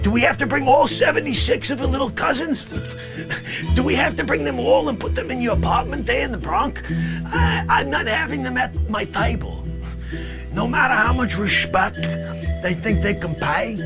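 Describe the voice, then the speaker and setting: A man voicing a brash, grumbling middle-aged guy from the Bronx, rambling complaints and bursting into shouts. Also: very high-pitched, expressive, normal speed, creaky, pitched above the performer's own voice, exaggerated voice. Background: music.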